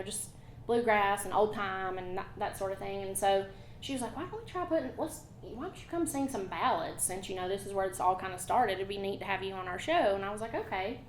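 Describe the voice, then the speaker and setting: A woman with an Appalachian accent, a folk ballad singer singing and chatting with a live audience in a chatty, storytelling way. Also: medium pitch. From Appalachian North Carolina. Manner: chatty, friendly storyteller with quick asides. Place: museum concert hall. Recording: echoey hall with faint room noise.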